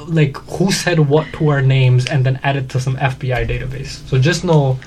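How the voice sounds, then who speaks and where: A man in a casual podcast chat, relaxed and slangy, calling people "bro.". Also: medium pitch, normal speed. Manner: laid-back, slangy, says "bro" often.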